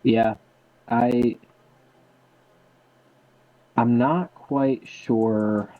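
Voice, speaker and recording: A man's voice: medium pitch, fairly even intonation, drawn-out words, no echo. A man giving color commentary on a tabletop miniatures game, hesitant and full of ums and uhs. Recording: dull lo-fi mic.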